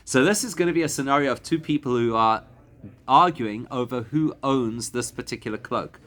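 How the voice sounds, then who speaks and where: Rabbi teaching a Talmud class. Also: male voice, medium pitch, fairly bright tone. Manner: explanatory, slows to spell out Hebrew and Aramaic words. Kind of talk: classroom lesson to a live group.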